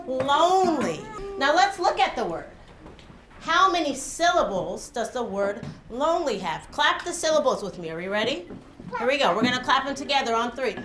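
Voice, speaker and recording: A high-voiced woman teaches young children their vocabulary, stretching each word out and coaxing answers from the class. The classroom rings with echo, and steady noise runs under her voice. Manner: animated, drawn-out teacher prompts. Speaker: first grade teacher. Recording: echoey classroom with background noise.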